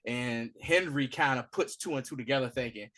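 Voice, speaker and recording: A man co-hosting a podcast, giving a casual, animated recap of a TV episode and acting out the characters' lines. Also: mid-range voice, normal speed. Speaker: podcast co-host.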